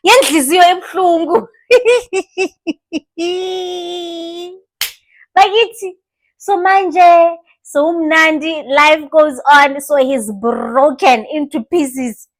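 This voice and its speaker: A young woman with a South African accent giving animated, casual commentary, switching languages mid-sentence and laughing often. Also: high voice. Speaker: commentary vlogger.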